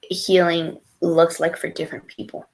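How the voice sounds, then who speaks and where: Young adult woman podcast host, lowish fry-tinged voice, frank and profane casual talk. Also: level tone, moderate pace, rough recording. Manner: frank and profane, many fillers and restarts. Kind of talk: candid casual chat.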